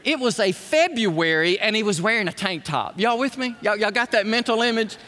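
A man's voice: high-pitched, normal speed. A man preaching a sermon as pastor, telling stories with folksy asides. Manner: animated storytelling with folksy asides. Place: church sanctuary. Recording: long hall reverb.

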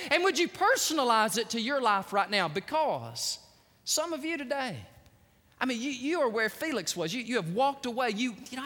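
High, bright-voiced preacher in a reverberant hall. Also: male voice. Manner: energetic storytelling with emphatic swings in loudness. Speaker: pastor. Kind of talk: sermon.

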